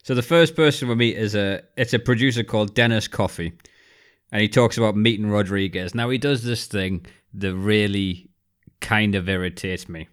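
A man's voice: lowish voice, moderate pace, smooth. A man hosting a podcast, talking in a sarcastic, sweary way in casual chat and acting out other people's voices. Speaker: podcast host.

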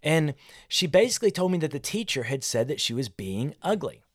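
A man's voice: fairly high pitch, big pitch swings, brisk, no echo, clean studio sound. A man, a pastor talking candidly and conversationally about parenting, often restarting his sentences. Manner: candid, self-deprecating, conversational with frequent restarts. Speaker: pastor and podcast host. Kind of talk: reflective solo podcast talk on parenting.

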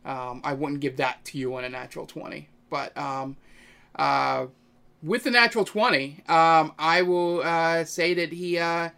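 A man's voice: on the high side, steady tone, unhurried, creaky, bright, forceful tone, clear, resonant tone. A young man narrating as game master of a tabletop game, speaking hesitantly with many fillers. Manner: hesitant, many ums and uhs.

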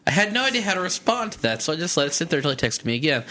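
Animated man reading a listener letter. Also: fairly high pitch, fast talker. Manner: animated, breaks into laughter. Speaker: podcast host. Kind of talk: reading a listener email aloud.

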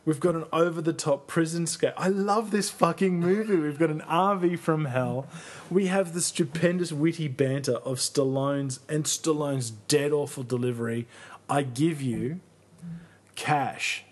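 Guy on a podcast hyping a movie, swears a lot, kinda husky voice. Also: fairly high pitch, a little slow. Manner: enthusiastic, profane, playful. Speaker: podcast co-host. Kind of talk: casual chat.

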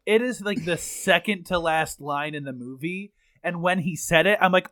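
A man's voice: a little high, moderate pace, pushed and bright, dry recording. A man co-hosting a casual movie review chat, thoughtful and careful to qualify his points. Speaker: podcast co-host.

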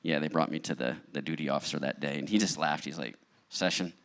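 Man, pastor, sermon, very low voice, plain spoken testimony. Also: steady tone, fast talker, gravelly, a bit bright. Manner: candid, conversational storytelling.

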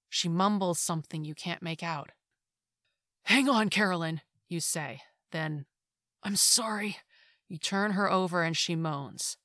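Softly intense woman reading a story. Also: deep voice, no echo, studio quality. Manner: hushed and intimate, dropping to whispers. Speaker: story narrator. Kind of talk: second-person story reading.

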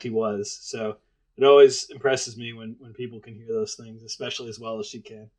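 A man's voice: medium pitch, little pitch movement, a little fast. Easygoing male podcast co-host. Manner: easygoing, laughs along. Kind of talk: casual film podcast chat.

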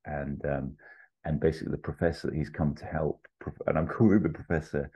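Hombre de voz muy grave y oscura. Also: male voice, rumbling low, little pitch movement, brisk, mellow, slightly rough, highs cut off. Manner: rambling, hesitant, many fillers. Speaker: podcast co-host. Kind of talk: casual chat pitching a movie.

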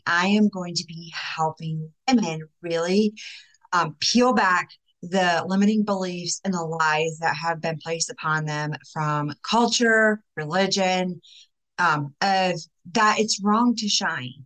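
A woman's voice: on the low side, fairly bright tone, poor audio. A young adult woman coaching women in faith-based self-confidence, talking casually and emphatically to her viewers with many fillers. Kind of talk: casual vlog talk to viewers.

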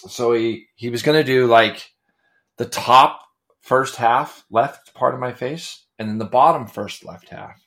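A man's voice: mid-range voice, a little slow, fairly bright tone. A middle-aged man co-hosting a podcast, telling a rambling story in casual chat with many restarts. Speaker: podcast co-host.

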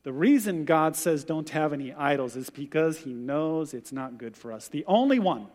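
High-voiced male pastor in a reverberant hall. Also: normal speed. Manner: animated storyteller who acts out quoted voices. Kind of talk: sermon.

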